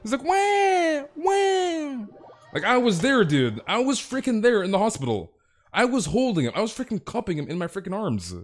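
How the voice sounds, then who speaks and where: A man's voice: sits high, sing-song, quick pace. A man streaming a game live, chatting casually with playful, teasing banter and calling viewers dude.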